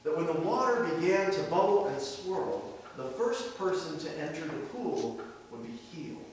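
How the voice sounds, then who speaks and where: Animated male pastor in an echoey church. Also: a little high, normal speed, recorded from a distance, slight background noise. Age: 30s. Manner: conversational, animated preaching with rhetorical questions. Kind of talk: sermon. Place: church sanctuary. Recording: very echoey hall, heard from afar.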